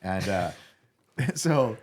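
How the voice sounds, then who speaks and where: A middle-aged man telling road stories in a casual interview, rambling and animated, with lots of filler and swearing. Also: lowish voice, very slow. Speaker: guitar tech, guest telling stories.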